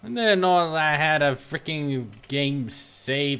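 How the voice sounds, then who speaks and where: High, lively, excitable man gaming. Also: slow, few pauses, smooth. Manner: excitable, exclaiming, rambles aloud. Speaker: gamer. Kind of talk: let's play commentary.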